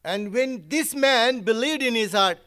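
Very high-voiced man preaching animatedly. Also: a little slow, clear, resonant tone. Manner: animated, acts out quotes, emphatic. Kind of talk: sermon.

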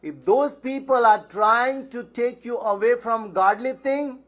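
A man's voice: very high-pitched, measured pace, a bit bright. A man preaching a sermon as pastor, emphatic, asking questions and answering them himself, repeating phrases for stress. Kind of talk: sermon with Bible reading.

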